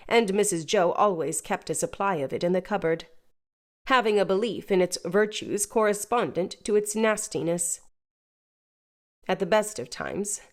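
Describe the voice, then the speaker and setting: A woman narrating a classic novel as an audiobook reader, in a measured storytelling manner. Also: lowish voice.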